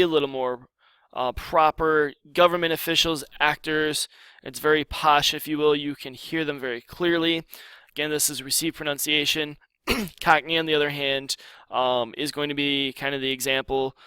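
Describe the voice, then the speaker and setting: A man's voice: mid-range voice, sharp tone, smooth, no echo. A man teaching a recorded class lecture over slides. He talks in a loose, conversational way, with a lot of "kinda" and "if you will".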